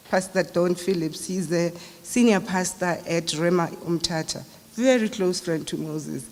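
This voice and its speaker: A woman's voice: lowish voice, a little mellow. A middle-aged South African woman giving a eulogy at a memorial service, in a conversational, anecdotal storytelling way. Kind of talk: memorial speech. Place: large hall. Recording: long reverb of a large hall.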